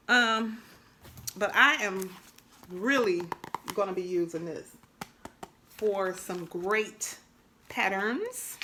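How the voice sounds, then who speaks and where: Bright-voiced chatty crafting woman. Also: a little high, slight background noise. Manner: chatty and animated, full of shout-outs. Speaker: crochet vlogger. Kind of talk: casual chat.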